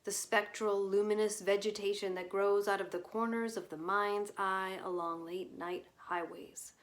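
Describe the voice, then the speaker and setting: A woman's voice: mid-range voice, steady tone, moderate pace. Woman reading a short story, subdued. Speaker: reader. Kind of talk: scripted narration.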